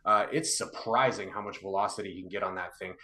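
A man appearing as a guest analyst on a hockey podcast, talking through plays in a measured, analytical way with many fillers. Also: low voice, steady tone, sharp tone. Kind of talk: casual hockey podcast chat.

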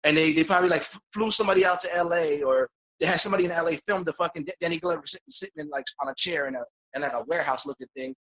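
High pitched dude on a podcast, cussing a lot, tripping over his words, all fired up. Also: rapid-fire, hardly any pauses, rough recording. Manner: profane, excitable, stammering restarts. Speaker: podcast guest. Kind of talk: casual podcast chat.

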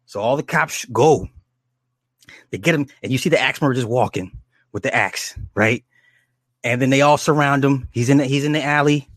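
Casual male storyteller, mid-pitched, profane and animated, dry close sound. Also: normal speed, no room sound. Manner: animated and profane, with many restarts and acted quotes. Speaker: storyteller recounting a horror movie. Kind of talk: casual rambling plot retelling.

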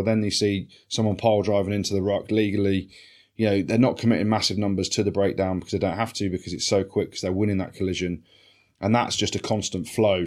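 An English man co-hosting a sports podcast, animated and swearing freely in casual banter. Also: deep voice. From England. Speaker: podcast co-host.

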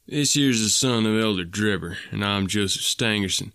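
A man's voice: on the low side, normal speed, a bit bright, clean tone, dry recording, clean studio sound. A man voicing a pompous, self-righteous young male suitor who talks in a smug, boastful way.

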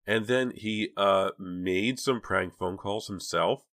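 A man's voice: lowish voice, slow pace, fairly bright tone, dry recording, studio quality, voice pushed up. A man voicing a shaken teenage girl who talks in an upset, insistent way.

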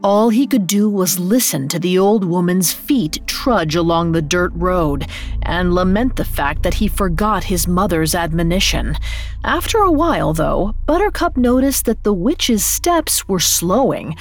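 A woman narrating a scripted fairy tale as a storyteller, expressive, rising on dramatic beats. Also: fairly low pitch, a little slow, soft background music.

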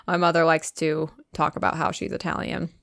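A woman's voice: sits low, level tone, brisk, creaky, fairly bright tone, dry recording. A woman in her late twenties co-hosting a podcast, telling a story in a casual chatty way, swearing and laughing often. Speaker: podcast co-host.

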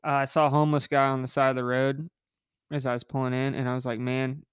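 A man's voice: medium pitch, flat delivery, clean tone, dry recording, studio quality. A man hosting a casual podcast, talking in a joking, rambling way with a nasal voice. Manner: joking, rambling, quick asides. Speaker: podcast host.

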